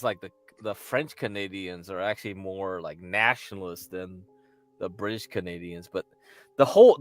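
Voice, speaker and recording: A man's voice: mid-range voice, fairly bright tone, no echo. A man ranting loosely in casual chat, rambling and swearing with frequent laughs. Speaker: podcast host.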